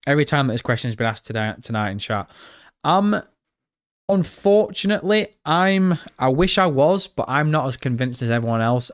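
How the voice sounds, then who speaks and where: A man chatting casually with his livestream chat, swearing freely and talking straight to viewers. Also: mid-range voice. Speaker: livestream host.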